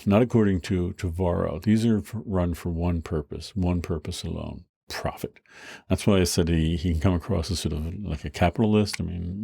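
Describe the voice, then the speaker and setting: A man's voice: low voice, gravelly, warm tone, breathy edge, dry recording. A male lecturer giving a conversational university lecture, full of fillers and restarts.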